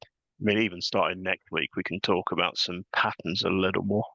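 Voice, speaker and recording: Male host, gravelly, relaxed rambler, dry dull mic. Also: low-pitched, brisk, no room sound. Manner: relaxed, rambling, chuckles often. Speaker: podcast host. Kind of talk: casual chat. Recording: dull lo-fi sound.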